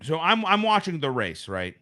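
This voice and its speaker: Hosting a casual stream from his house, an American man talks into a home streaming mic with a forceful, bright voice on the high side. His pitch swings widely while his pace stays moderate. He's conversational, rambling, and often revises what he just said.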